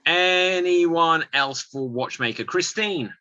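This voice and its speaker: A man hosting an online improv game, calling on players in a drawn-out, playful way over a video call. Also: a little high, sharp tone, clean tone, no echo, highs cut off.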